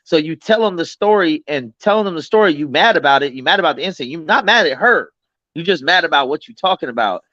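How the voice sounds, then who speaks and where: A man's voice: a little high, lively intonation, fast talker, pushed and bright, no room sound, highs cut off. A man hosting a late-night livestream chat, blunt and profane, acting out both sides of his arguments. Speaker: livestream host.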